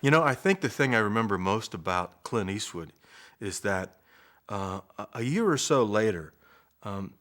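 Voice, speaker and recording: An older man, an actor, recalling his early career in a soft-spoken, unhurried interview manner. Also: low-pitched. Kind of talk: interview reminiscence.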